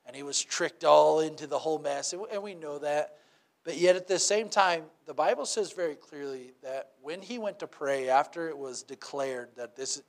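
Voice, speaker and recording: Guy preaching casually, lots of "right?", acts out bits. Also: a little high. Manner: conversational, asks "right?" often, acts out quotes. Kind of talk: sermon.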